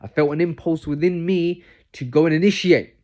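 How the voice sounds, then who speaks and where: A man's voice: on the high side, moderate pace, darkish tone. A young man gives casual, earnest dating advice to camera. He says "man" and "like" a lot and gets heated when he rants. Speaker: vlogger giving dating advice.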